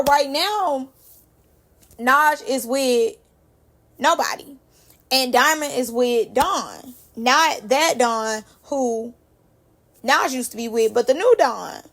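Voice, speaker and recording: A young woman recapping a reality show in a casual, animated, slangy way. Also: sits high, a little slow.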